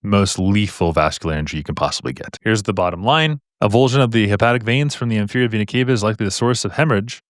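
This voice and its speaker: A man with a fairly low voice walks through medical exam questions in a live stream. He talks in a casual, upbeat way, repeats himself for emphasis and throws in slangy asides. He sounds close and dry, with no room around him. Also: fast, few pauses, no echo.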